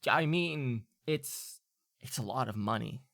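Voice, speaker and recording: A man voicing a jittery, sweaty young man who rambles in loud, anxious bursts. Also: mid-range voice, animated, takes it slowly, gravelly, dry recording, clean studio sound, exaggerated voice. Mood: defensive.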